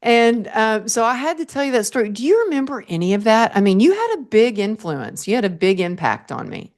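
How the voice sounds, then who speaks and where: A woman hosting a podcast interview, telling a story in an earnest, animated way and laughing often. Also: fairly high pitch, fairly quick. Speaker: podcast host.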